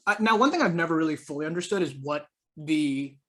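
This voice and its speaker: A man's voice: a little high, lively intonation, fast, pushed and bright. A young man co-hosting a podcast in casual chat, with a teasing, dry banter. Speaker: podcast co-host.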